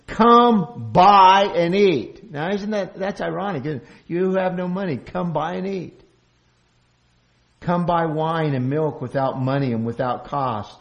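Brief: male pastor, slightly higher voice, earnest sermon delivery with restarts. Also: lo-fi sound. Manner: earnest, restarts phrases, acts out quoted boasts loudly. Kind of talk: expository sermon.

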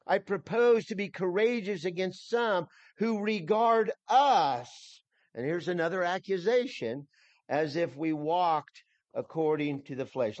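A man's voice: fairly high pitch, no room sound, lo-fi sound. A man preaching an expository sermon, emphatic and repeating himself, with frequent restarts. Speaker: pastor.

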